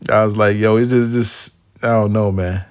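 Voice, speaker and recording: A man's voice: lowish voice, normal speed, clear, resonant tone. A grown man hosting a casual chat, telling stories with slang and swearing and acting out the quoted voices. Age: adult, past his younger days. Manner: animated storyteller, acts out quotes in shifting voices; swears freely, slangy street talk. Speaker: podcast host.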